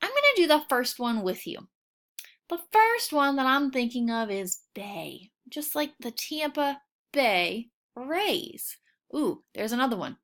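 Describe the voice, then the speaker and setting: Lady teaching phonics to kids, slow, sounds out every letter, higher voice that moves around a lot. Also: fairly bright tone. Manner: slow, clearly sounding out words; encouraging, patient. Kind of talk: recorded phonics lesson for kids.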